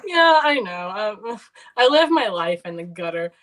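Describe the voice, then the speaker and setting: A woman's voice: medium pitch, very animated, moderate pace, a bit bright. A woman co-hosting a sports betting show, chatting casually in a joking, rambling, self-deprecating way. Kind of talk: casual live sports chat.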